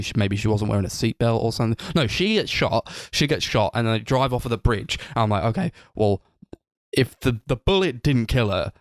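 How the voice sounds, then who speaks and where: A man co-hosting a casual film review chat, retelling scenes in an animated way and acting out the characters' lines. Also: fairly low pitch, no room sound, clean studio sound. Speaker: film podcast co-host.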